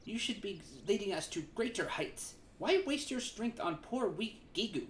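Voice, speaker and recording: A woman's voice: medium pitch, animated, moderate pace, slight background noise, voice pushed up, close to an everyday voice. A woman voicing a timid male kobold miner who pleads anxiously and strings synonyms together. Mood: pleading. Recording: roomy room with game music.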